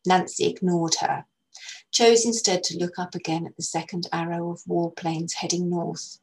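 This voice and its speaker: A woman actress reading a literary short story aloud in a gentle, measured way. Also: lowish voice, steady tone, vocal fry, husky, low-quality recording. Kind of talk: storybook narration.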